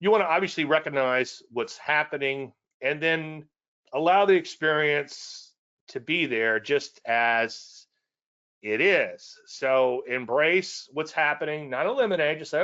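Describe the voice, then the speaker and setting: A man's voice: on the high side, unhurried, sharp tone, highs cut off. Folksy Cajun man presenting to traders. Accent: Cajun Louisiana. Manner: repetitive, folksy, self-deprecating asides. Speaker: trading educator presenting.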